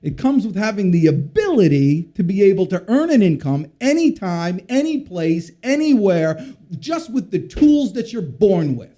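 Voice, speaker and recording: A man guesting on a business podcast, telling stories in an animated, joking way. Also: high-pitched, normal speed, hardly any pauses. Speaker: podcast guest, company executive. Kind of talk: casual interview chat.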